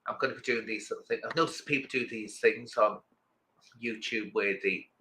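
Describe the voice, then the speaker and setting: A man's voice: lowish voice, steady tone, normal speed, pushed and bright, a little hiss or hum, low-quality recording. A middle-aged man, chatting casually with viewers on a livestream and rambling from one thought to the next. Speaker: livestream host.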